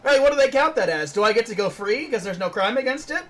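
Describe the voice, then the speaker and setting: A man streaming a video game, chatting and joking playfully with friends. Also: fast. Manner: playful, laughs often, animated pitch. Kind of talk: casual joking chat.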